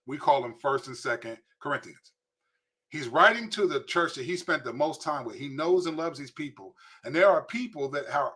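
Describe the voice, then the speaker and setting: A man's voice: on the high side, sharp tone, breathy edge. A man who is a pastor, preaching emphatically to camera and repeating words as he presses his points.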